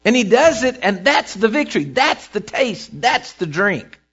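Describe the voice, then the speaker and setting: A man preaching a sermon as pastor, building intensity with repeated phrases and dropping low for emphasis. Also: sing-song, measured pace, a bit bright, husky, muffled recording.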